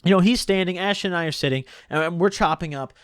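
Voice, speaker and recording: A young man casually telling a long story, rambling and animated, full of "like" and "dude". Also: high voice, fast talker, clear, resonant tone, no echo, studio quality.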